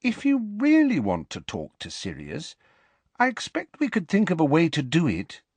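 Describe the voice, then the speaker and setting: A man voicing a kind, persistent teenage schoolgirl in an audiobook, lifting his pitch and coaxing gently. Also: wildly swooping pitch, moderate pace, breathy edge, no echo, heavily acted.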